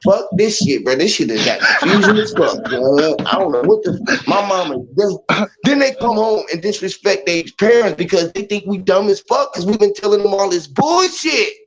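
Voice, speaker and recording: A man's voice: sits high, expressive, moderate pace, a crowd in the background. A man hosting a casual livestream chat, telling profane stories animatedly and laughing often. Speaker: livestream host. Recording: dull lo-fi stream audio.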